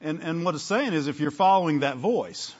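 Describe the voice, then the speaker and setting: A man's voice: on the high side, expressive, brisk, slightly rough. Man preaching on a dull lo-fi recording. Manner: conversational preaching, frequent "amen?" and "right?" to the congregation. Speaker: pastor. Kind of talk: sermon.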